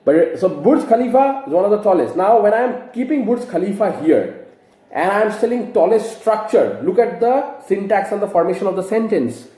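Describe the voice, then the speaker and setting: A man teaches grammar, patiently walking through each example and quizzing his viewers. His fairly high voice is mellow and rises and falls in a lively way. The room around him adds a noticeable echo. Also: fairly quick. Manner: explains patiently, asks rhetorical questions. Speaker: English teacher. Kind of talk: grammar lesson to camera.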